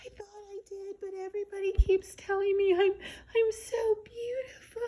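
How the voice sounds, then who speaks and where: A woman putting on a breathy baby-voiced wife. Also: steady tone, normal speed, dark tone. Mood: wounded. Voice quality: breathy, whispery, high and small. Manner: meek, pleading, wounded. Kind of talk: comic movie retelling.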